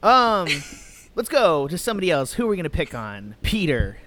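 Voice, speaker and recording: A man's voice: high-pitched, very animated, normal speed, background noise. A man hosting a casual movie-review podcast, joking and teasing his guests and laughing often. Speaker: podcast host.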